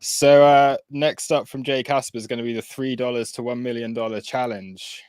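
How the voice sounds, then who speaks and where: A man's voice: mid-range voice, little pitch movement, moderate pace, a little mellow, clean tone, no echo. Chatty British man hosting a stream. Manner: chatty, laughs often, many restarts. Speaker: stream host. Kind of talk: casual live-stream chat.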